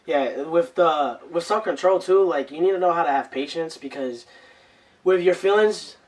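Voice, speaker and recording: A young man hosting a casual podcast, his voice worn out and hoarse, talking loosely with frequent restarts. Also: fairly high pitch, normal speed, far from the mic. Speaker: podcast host.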